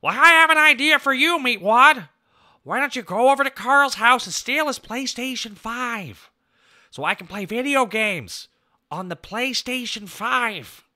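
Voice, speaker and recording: A man's voice: very high voice, animated, measured pace, bright, forceful tone, pitched above the performer's own voice, exaggerated voice. A man voicing a bossy, lazy male cartoon milkshake in a whiny, raised voice.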